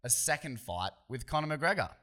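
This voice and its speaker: A man's voice: mid-range voice, very animated, normal speed, sharp tone. An Australian man hosting a solo podcast, talking casually in a profane, opinionated, rambling way with frequent restarts. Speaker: podcast host.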